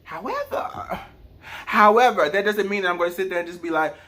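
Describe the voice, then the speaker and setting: A man's voice: high voice, fairly quick, sharp tone. A man from South Mississippi giving earnest personal commentary, full of rhetorical questions. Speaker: vlogger.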